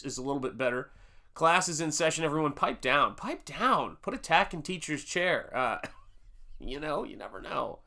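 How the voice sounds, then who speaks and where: A man's voice: on the high side, pushed and bright. An upbeat American man hosting a live painting stream, greeting viewers from the chat by name with casual fillers. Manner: upbeat, reading out chat names with frequent fillers. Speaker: livestream host and painter.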